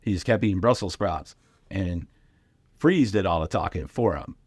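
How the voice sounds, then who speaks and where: A man's voice: deep voice, animated, normal speed, breathy edge, no echo. A middle-aged man, a comedian, telling casual stories on a podcast and acting out the voices of other people in his quotes. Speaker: comedian guest.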